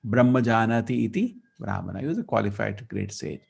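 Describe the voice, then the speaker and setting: A man teaching a scripture class, telling the story lively and acting out the dialogue. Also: fairly low pitch, fairly quick, vocal fry, breathy edge. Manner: storytelling, acts out dialogue, asides. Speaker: spiritual teacher.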